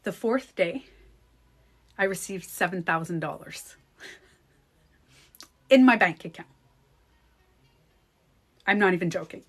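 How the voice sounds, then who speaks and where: A woman and beauty coach talking to her viewers in a casual vlog. She is chatty, restarts her sentences, and swings between hushed asides and excited retelling. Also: on the low side, slow pace, long pauses.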